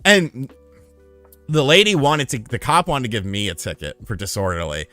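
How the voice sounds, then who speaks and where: A man's voice: mid-range voice, moderate pace, no echo, faint music behind. A man streaming live, telling rambling, profane stories in casual chat. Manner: profane, rambling, animated storyteller. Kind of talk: casual storytelling on a livestream.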